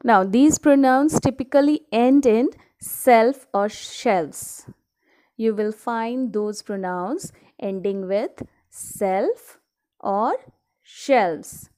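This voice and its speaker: A woman teaching children a grammar lesson, explaining slowly and deliberately, asking questions and answering them herself, often checking in with "okay?". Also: on the high side, dark tone, poor audio. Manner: slow, deliberate explaining, asks and answers her own questions; checks understanding with frequent "okay?".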